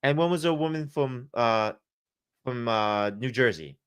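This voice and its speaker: A man's voice: medium pitch, unhurried, a bit bright, smooth. A man telling a long, rambling story on a casual podcast, full of swearing and fillers. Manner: profane, rambling, many fillers. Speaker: podcast guest.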